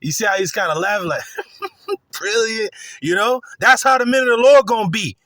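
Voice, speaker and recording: A man preaching scripture in raw street talk, blunt and heated, cursing freely between verses. His voice sits a bit high for a man and the recording is dry and close. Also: expressive, fast talker, sharp tone, dry recording. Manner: blunt, crude and heated, with many fillers. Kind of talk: profane street-style scripture teaching.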